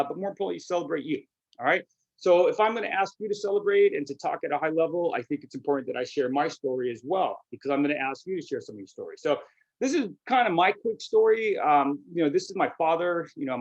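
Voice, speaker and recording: A man's voice: fairly high pitch, dull audio. Chatty middle-aged man presenting online. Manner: conversational, peppers speech with "you know" and "right?". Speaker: workshop presenter.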